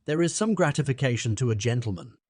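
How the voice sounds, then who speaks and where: A man's voice: mid-range voice, lively intonation, fast, a little mellow, no echo, studio quality, natural voice. A man reading the part of a pompous, sonorous auctioneer who loves long words, in an audiobook. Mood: self-satisfied. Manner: grandiloquent, fond of long words. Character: pompous sonorous middle-aged male auctioneer.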